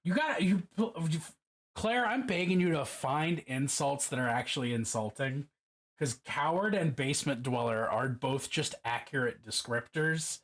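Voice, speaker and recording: A man's voice: fairly high pitch, normal speed, fairly bright tone. A man from Baltimore chatting casually on a live stream while painting miniatures alone in his room, profane, rambling and self-mocking.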